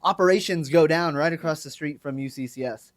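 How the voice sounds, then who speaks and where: A woman's voice: low voice, a little fast. A young woman hosting a live college sports radio show, playful and hyped, teasing her co-host. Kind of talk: live campus radio banter. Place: campus radio studio.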